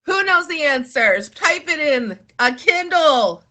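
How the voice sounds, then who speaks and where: Woman, host, casual live-stream chat, playful, bright tone. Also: sits high, expressive, slow, few pauses. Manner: bubbly, chatty, playful.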